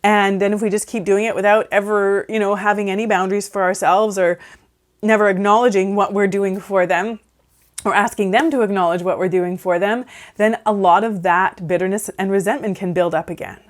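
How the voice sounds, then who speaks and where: A woman's voice: medium pitch, steady tone, brisk. A woman counsellor giving casual advice in a conversational way, often checking in with "right?". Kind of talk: casual advice talk to camera.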